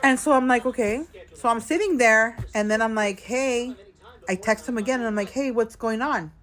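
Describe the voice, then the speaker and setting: A woman's voice: on the high side, moderate pace, a bit bright. Tipsy woman venting in a hotel room. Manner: chatty, venting, addresses viewers as girl and y'all. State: a little tipsy. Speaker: vlogger. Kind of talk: casual storytime vlog.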